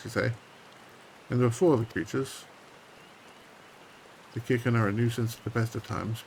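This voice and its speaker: A man's voice: mid-range voice, slight background noise, close to an everyday voice, low-quality recording. A man reading the lines of a stern game elder aloud, with grave, formal and archaic phrasing.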